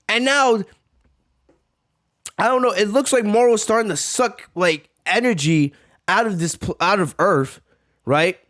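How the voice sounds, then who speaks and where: An excitable man hosts a live reaction video, talking fast and loose with plenty of slang. His voice sits high, and his intonation swings widely and keeps rising.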